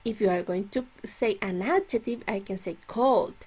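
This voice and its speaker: A woman teaching English grammar, explaining slowly and stretching out her example words. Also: medium pitch, darkish tone, slightly rough. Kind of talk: classroom grammar lesson.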